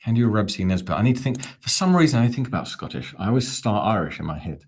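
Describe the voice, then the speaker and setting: A man's voice: fairly low pitch, lively intonation, quick pace, husky. A man hosting a live fan watch-along, talking in a chatty, rambling, self-mocking way. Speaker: fan channel host.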